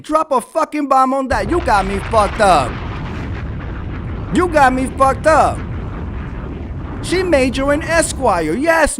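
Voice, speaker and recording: A man's voice: very high-pitched, fairly bright tone. A man hosting his own vlog, delivering a fiery, profane rant and repeating phrases for emphasis into a red microphone. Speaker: vlog host. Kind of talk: ranting commentary.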